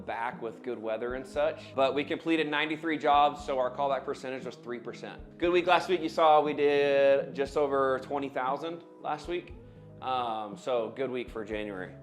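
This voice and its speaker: A man leading his crew's morning meeting, direct and upbeat as he goes over results. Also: mid-range voice. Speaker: business owner leading a team meeting. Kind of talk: morning team meeting talk.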